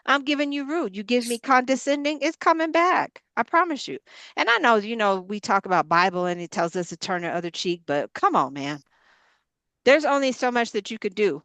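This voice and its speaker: Brisk and animated, her voice slightly high with a fairly bright tone and no echo, this ministry leader and women's coach preaches a motivational message. The mother of grown daughters speaks with emphasis, stacking her points in short, repeated parallel phrases.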